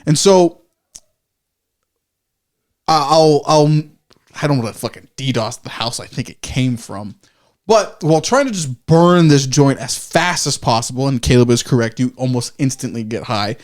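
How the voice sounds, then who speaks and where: A man's voice: medium pitch, expressive, moderate pace. A man co-hosting a podcast, telling a story in a rambling, self-correcting way, swearing freely and acting out his own reactions. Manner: acts out his own reactions in quoted asides. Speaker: podcast co-host. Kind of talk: casual storytelling chat.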